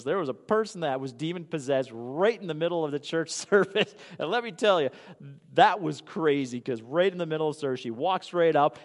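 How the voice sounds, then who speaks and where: A man preaching a sermon as pastor, telling the story in an animated way with casual asides. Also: on the high side, in a large hall.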